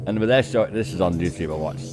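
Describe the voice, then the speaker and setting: A man's voice: deep voice, fast talker, over music. Laid-back man streaming a game. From Warrington, northwest England. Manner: laughs often, swears freely, banters with chat. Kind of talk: casual live-stream chat.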